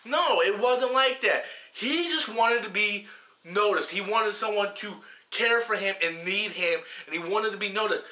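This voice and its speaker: A man's voice: sits high, moderate pace, pushed and bright, roomy sound. A man giving a heated, profanity-laden film review, emphatic and fired up. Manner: heated, emphatic, swears a lot.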